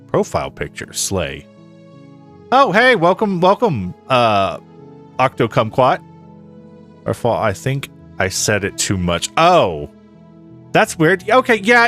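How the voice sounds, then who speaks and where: A man streaming a video game, chatting with his viewers and reacting out loud, laughing often. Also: mid-range voice. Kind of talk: live-stream game commentary.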